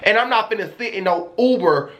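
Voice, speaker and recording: Sassy high-voiced young man telling a story. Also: a little fast, dull audio. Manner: sassy, dramatic, animated. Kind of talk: storytime vlog.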